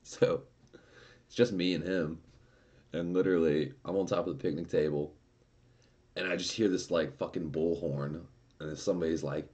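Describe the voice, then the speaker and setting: A man's voice: low-pitched, steady tone, normal speed, long pauses, darkish tone, dull audio. A man streaming, casually telling a story with lots of swearing and laughter. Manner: profane and laughing.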